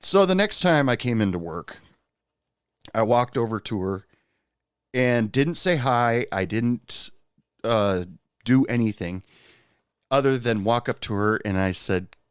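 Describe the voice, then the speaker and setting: A man's voice: mid-range voice, lively intonation, unhurried, pauses often, smooth, no echo, clean studio sound. A man hosting a podcast, telling a personal story in a candid, rueful, conversational way. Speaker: podcast host.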